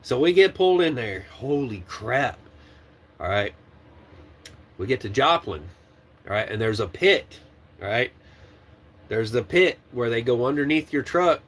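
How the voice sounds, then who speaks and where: A man who trains truck drivers, telling a story in a loose, animated way. His voice sits at an ordinary middle pitch, and he curses easily as he talks. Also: unhurried, pauses often. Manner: animated, swears and laughs while retelling. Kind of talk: casual storytelling.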